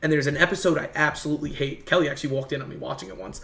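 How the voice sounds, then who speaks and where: A man's voice: fairly high pitch, fairly even intonation, rapid-fire, vocal fry, a bit bright. A man from the United States telling rambling, earnest travel stories in a casual chat. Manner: earnest, rambling anecdotes with many restarts. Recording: echoey room.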